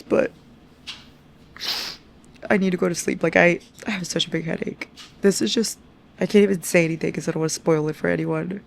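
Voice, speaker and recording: A young woman with a lowish, gravelly voice talks straight to her viewers in a casual book vlog. She gushes and swears freely, swinging from excited to grumbling. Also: a little hiss or hum. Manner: excitable, profane, gushing. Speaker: book vlogger. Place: at home indoors.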